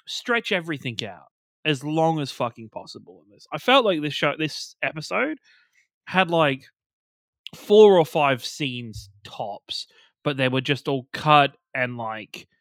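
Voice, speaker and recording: Bright-voiced man ranting with heavy swearing. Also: on the high side, lively intonation, a little slow, no room sound. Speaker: podcast co-host. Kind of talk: casual podcast review chat.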